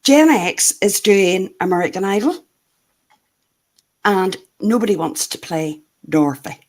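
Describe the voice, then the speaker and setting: A woman's voice: mid-range voice, a little slow. A woman from Northern Ireland with a Northern Irish accent, hosting a casual group chat and laughing often. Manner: laughs often, chatty and animated. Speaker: show host.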